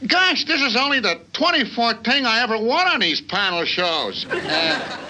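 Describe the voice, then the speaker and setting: A man's voice: very high voice, very animated, moderate pace, bright, forceful tone, heavily acted, poor audio. An actor voicing a meek, jobless man on a cartoon game show who squeals and gets carried away over prizes. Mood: sheepish.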